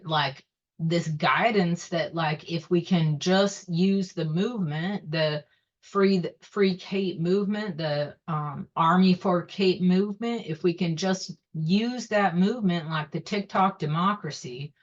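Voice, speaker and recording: Woman psychic going on intensely, repeats herself, slow meditation bits, kinda low voice, muffled lo-fi sound. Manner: intense, repetitive, guided meditation prompts. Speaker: self-styled psychic host. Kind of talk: emotional monologue to camera.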